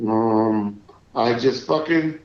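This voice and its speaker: A man's voice: mid-range voice, slow pace. Man hosting a livestream, echoey lo-fi. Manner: relaxed, reads out viewer shout-outs. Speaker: livestream host. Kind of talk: casual live-stream chat. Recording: echoey, dull lo-fi stream audio.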